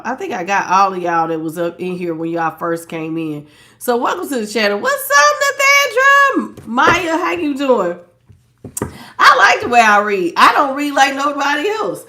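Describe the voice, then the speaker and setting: A woman's voice: medium pitch, bright, forceful tone. A woman hosting a tarot live stream in casual chat, playful and laughing often, greeting viewers by name and calling them baby. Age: adult, past young. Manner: calls listeners "baby" and "child".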